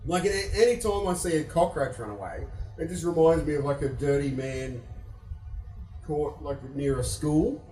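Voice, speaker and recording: Young aussie guy doing standup, rambly and sweary, bit high voice, sounds far off in an echoey room. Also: normal speed. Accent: Australian. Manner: rambling, self-deprecating, swears a lot. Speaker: stand-up comedian. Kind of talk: stand-up comedy set. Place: comedy venue with live audience. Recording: echoey room, mic picked up from afar.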